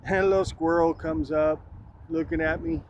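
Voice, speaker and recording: A man's voice: on the high side, steady tone, moderate pace, muffled recording, a little hiss or hum. A man talking casually on a walk through a city park, rambling through a story and tossing in "man" and "right?" as he goes. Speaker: vlogger. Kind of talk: casual walk-and-talk vlog.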